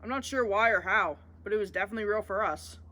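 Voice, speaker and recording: Woman playing a protective eldest brother, calm, reassuring, bright, storybook. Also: mid-range voice, quick pace, close to an everyday voice.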